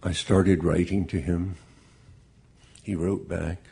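This man's story comes out slowly, in a very low, gravelly voice that sounds dark and husky. There's little pitch movement; he stays measured and deeply earnest, much like a grieving father testifying.

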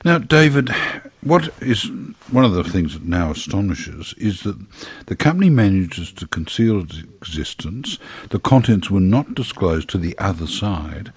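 A man hosts a radio interview in a conversational way, putting questions and reacting with quick quips. His voice sits very low and sounds husky and a little breathy. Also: sing-song, no echo.

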